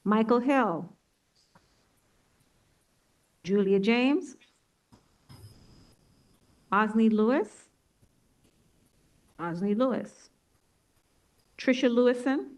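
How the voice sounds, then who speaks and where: A woman with a New York accent chairing a public board meeting, reading out a roll call slowly and deliberately. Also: on the high side, expressive, a little mellow, poor audio. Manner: slow, deliberate name-reading.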